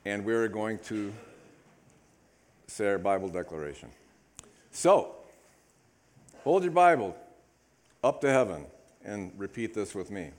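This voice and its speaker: A man preaching as pastor, leading the congregation in loud recitation. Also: fairly low pitch, moderate pace, long pauses. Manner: leads congregation in loud call-and-response recitation. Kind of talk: sermon. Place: church sanctuary. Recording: echoey church hall.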